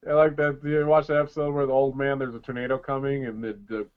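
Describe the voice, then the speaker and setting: A man co-hosting a casual podcast, retelling scenes loudly with plenty of swearing and laughter. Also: mid-range voice, little pitch movement, quick pace, clean tone. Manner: loud, laughing, profane storytelling. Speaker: podcast co-host. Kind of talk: casual chat. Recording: dull lo-fi sound.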